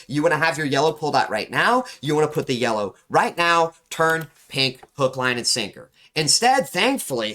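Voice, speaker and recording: A man's voice: mid-range voice, sharp tone. A young man coaching a player through a match replay, instructive and emphatic, often repeating key words for stress. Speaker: game coach reviewing a match. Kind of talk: analytical gameplay commentary.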